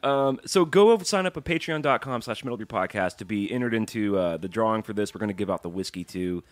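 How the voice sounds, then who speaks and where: Man, podcast co-host, quick talker, lowish voice, dry close sound. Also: dry recording. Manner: brisk, joking, swears casually. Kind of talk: casual chat.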